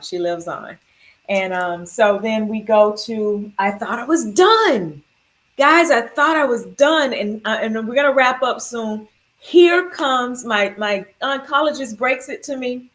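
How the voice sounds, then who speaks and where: A woman in her forties, a school administrator, telling her own story in a heartfelt, animated way. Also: medium pitch. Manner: animated, heartfelt, acts out quotes. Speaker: breast cancer survivor, school administrator. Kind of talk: emotional personal storytelling.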